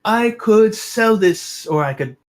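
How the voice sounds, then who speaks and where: A man voicing a shrewd little male kobold jewel merchant who haggles with smooth, mock-courteous politeness. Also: sits high, animated, slow pace, pitched above the performer's own voice. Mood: sly.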